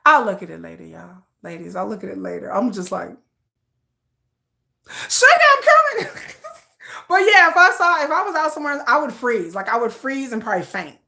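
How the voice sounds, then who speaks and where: Bubbly, high-pitched, animated woman vlogger. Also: quick pace, creaky, few pauses. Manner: animated, laughing, acting out fangirl reactions. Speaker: K-pop channel host. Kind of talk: excitable casual chat with live chat readers.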